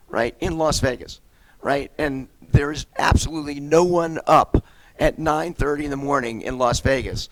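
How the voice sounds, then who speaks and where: A man's voice: medium pitch, no room sound, low-quality recording. An American man with a slight cold, speaking at a conference in a chatty style and often checking in with "right?". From United States. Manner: chatty, keeps asking "right?". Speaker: keynote speaker. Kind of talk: lively conference talk. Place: conference venue.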